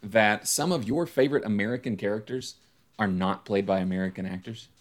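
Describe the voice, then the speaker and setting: Chatty low-voiced male podcast host. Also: brisk. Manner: chatty, laughs often, playful mock-apologetic asides. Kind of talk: casual chat. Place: home.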